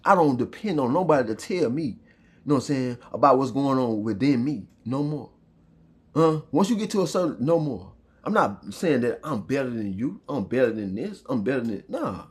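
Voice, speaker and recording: Husky-voiced man preaching with profane fervor. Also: a little high, expressive, moderate pace. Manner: swearing, rhythmic, repeats "huh?" and "you feel me?". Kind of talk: impassioned street preaching monologue.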